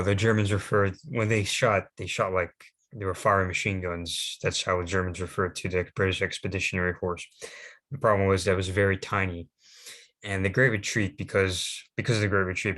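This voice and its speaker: A young man presenting history slides off the cuff, halting often with fillers and restarts. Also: sits low, a bit bright.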